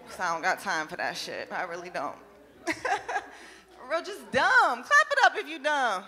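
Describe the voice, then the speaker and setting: A woman's voice: on the high side, wildly swooping pitch, measured pace, in a large hall. Brash, profane woman comedian on stage. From New Jersey. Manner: brash, profane and loud, laughing at her own jokes. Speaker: stand-up comedian. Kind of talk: stand-up comedy set.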